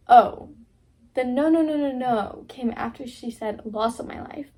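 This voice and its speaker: A young woman vlogs in a casual, chatty way, often quoting her own past words and scattering "like" throughout her speech. Her voice is high and warm, with a measured pace and long pauses.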